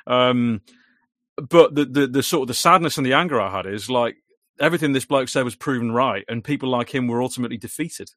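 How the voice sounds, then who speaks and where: A man speaking as a guest in casual conversation, animated and full of restarts, his voice starting to go hoarse. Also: mid-range voice, no echo, clean studio sound. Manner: rapid, animated, many restarts. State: voice going hoarse.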